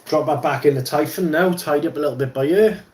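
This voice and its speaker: A man with a fairly high, brisk, slightly mellow voice hosts a casual livestream from his bench while he fixes an RC car. He rambles, with plenty of ums and restarts, and the sound is roomy.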